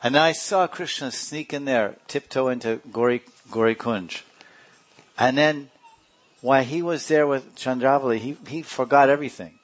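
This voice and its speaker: A man voicing a cheeky male monkey who excitedly tells tales as a witness. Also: mid-range voice, moderate pace, close to an everyday voice. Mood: tattling. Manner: excited, tattling.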